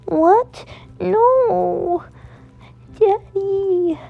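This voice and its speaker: A woman's voice: high-pitched, steady tone, takes it slowly, creaky, phone-quality sound, pitched above the performer's own voice, exaggerated voice. Kidagi, a woman voicing a scared little boy. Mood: panicked. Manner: whiny, frightened pleading.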